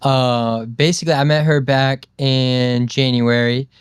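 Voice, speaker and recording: A young man in his twenties talks casually, rambling through a story with plenty of fillers. His voice is smooth and resonant, recorded dry and close. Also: medium pitch, fairly even intonation, a little slow, no room sound. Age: 20s. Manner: rambling, loose, lots of fillers and "dude". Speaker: podcast guest.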